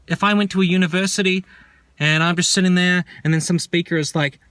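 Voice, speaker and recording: A man delivering an angry, sarcastic vlog rant, swearing freely as he argues. His voice sits a little high for a man and sounds close and dry, with no room around it. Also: steady tone, fairly quick, a bit bright, clean tone, dry recording. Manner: sarcastic, profane, heated. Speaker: vlogger.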